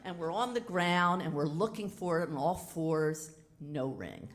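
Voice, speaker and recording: A woman with a somewhat low voice tells a personal story live from a theater stage. She is frank and animated, acting out each exchange dramatically. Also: measured pace. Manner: animated, dramatic retelling with quoted dialogue; casual and frank. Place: theater stage before an audience.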